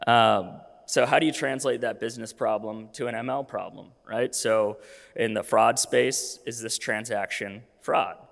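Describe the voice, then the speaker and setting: A man in his thirties talks through a conference presentation in a loose, casual way, full of fillers and restarts. His voice is gravelly and a little worn, as if he is losing it. The sound rings with the long reverb of a large hall. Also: mid-range voice, steady tone, unhurried. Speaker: conference speaker.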